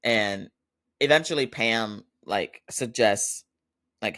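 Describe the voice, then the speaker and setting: A man's voice: medium pitch, a little slow, fairly bright tone. A man hosting a podcast, giving a chatty casual recap and quoting characters in his own voice. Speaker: podcast host.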